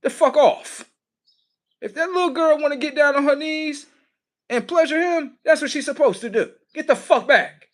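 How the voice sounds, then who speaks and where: A man voicing an angry, protective mother who shouts and scolds in a shrill voice. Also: normal speed. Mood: scolding. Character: mouthy, protective adult mother.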